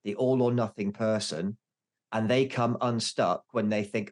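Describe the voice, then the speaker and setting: A man's voice: on the low side, fairly even intonation, measured pace. A man in his forties, a podcast guest, talking candidly and mocking himself, with many restarts. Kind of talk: casual interview chat.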